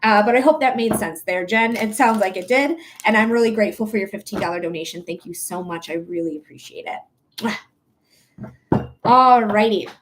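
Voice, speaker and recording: A woman's voice: medium pitch, moderate pace, a little hiss or hum. A woman from the Detroit area with a Detroit accent, chatting casually and giggling as she hosts a live psychic reading stream, sleep deprived. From Metro Detroit, Michigan. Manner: chatty, giggly, thinks out loud. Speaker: psychic reader and livestream host.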